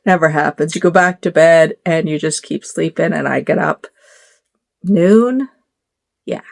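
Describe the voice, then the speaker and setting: A woman's voice: sits low, measured pace, creaky, pauses often. A middle-aged woman chatting casually to her phone camera in a bedroom at home, rambling with lots of fillers and asides. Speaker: doll collector vlogger.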